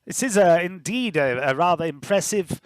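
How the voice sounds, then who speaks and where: A man's voice: high voice, animated, moderate pace, no room sound, voice pushed up. A man voicing a small male starship captain who fumbles for his words. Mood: hesitant.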